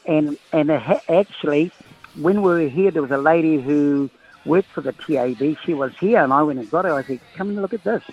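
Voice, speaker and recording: A man's voice: a little high, brisk. Rambling New Zealand man on a phone line. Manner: rambling yarn-spinner, acts out voices. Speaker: caller. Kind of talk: telling a story on a phone call.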